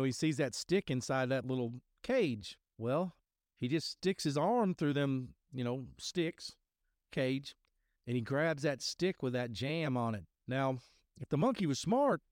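A middle-aged man tells a story on his podcast in a loose, rambling way, circling back and restarting his sentences. His voice is smooth and clear, recorded close and dry. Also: mid-range voice, a little mellow, no echo. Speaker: podcast host sharing testimony. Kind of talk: casual spoken testimony.

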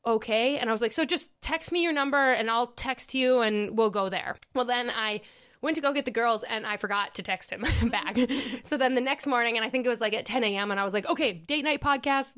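A woman's voice: on the high side, fairly bright tone, smooth. A young woman from Minnesota hosting a podcast, telling a dating story in a chatty way and laughing often. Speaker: podcast host. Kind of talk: casual storytelling podcast chat.

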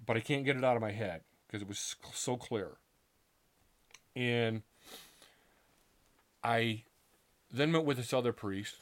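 A middle-aged man earnestly recounting a personal story in a casual, halting way, acting out what people said to him. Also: medium pitch. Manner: earnest, halting, with restarts and acted-out quotes. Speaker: author telling his story.

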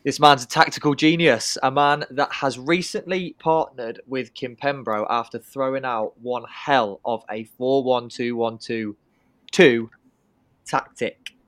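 A young man hosting a podcast with cheeky, profane banter. His voice is mid-pitched and sounds dry, with no room echo. He talks up his guests with plenty of swagger. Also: unhurried, a bit bright. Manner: cheeky, swearing, hypes up guests. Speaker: podcast host. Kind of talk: casual banter.

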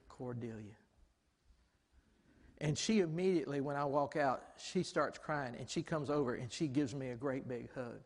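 Animated pastor in a reverberant hall. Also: male voice, fairly high pitch, normal speed. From Southern United States. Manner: animated, exclaims often, acts out quoted voices. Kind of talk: storytelling sermon.

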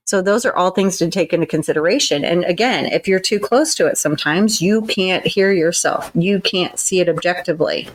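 Lower-voiced woman explaining earnestly. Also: fairly quick, few pauses, rough recording. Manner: earnest, explanatory, acts out tones of voice in examples. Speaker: podcast co-host. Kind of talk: casual advice chat.

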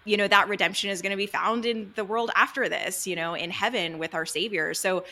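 A woman psychiatrist answering interview questions earnestly and excitedly, with many "you know"s and restarts. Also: mid-range voice, brisk. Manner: excited, earnest, talks freely with many fillers. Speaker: psychiatrist guest.

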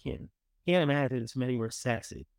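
A man's voice: mid-range voice, expressive, brisk, creaky, a little mellow, clear, resonant tone, no echo. Blunt, profane male talk host. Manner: blunt, profane, swings from scornful to gushing. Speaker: morning show host. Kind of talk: opinionated casual commentary.

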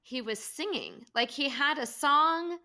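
A woman in her thirties co-hosting a relaxed podcast chat, giggling between rambling asides. Her voice sits fairly high and sounds bright and clear. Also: unhurried. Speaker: podcast co-host. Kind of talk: casual chat.

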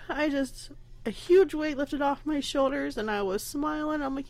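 On her casual personal podcast, a young adult woman who is pregnant and emotional rambles candidly, close to tears and laughing nervously. The host has a high-pitched, slightly mellow voice with lively intonation at a normal speed.

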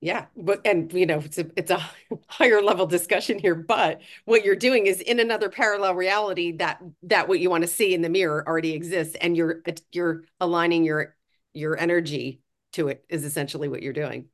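A woman's voice: fairly low pitch, steady tone, brisk. A woman co-hosting a self-help podcast, talking earnestly and frankly in casual chat, swearing now and then. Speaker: podcast co-host.

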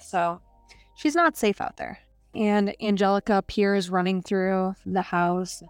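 A woman's voice: medium pitch, unhurried, clean tone, no room sound, soft background music. A woman co-hosting a podcast, casually summarizing a book with lots of filler "like"s. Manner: chatty, heavy use of "like". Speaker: podcast co-host. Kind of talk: casual book review chat.

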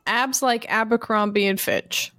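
A woman's voice: a little high, fairly even intonation, unhurried, sharp tone, no room sound, clean studio sound. A woman co-hosting a casual music podcast from a remote call, upbeat and supportive, reading out fun facts. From Canada. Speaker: podcast co-host. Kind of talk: casual chat. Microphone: remote call mic.

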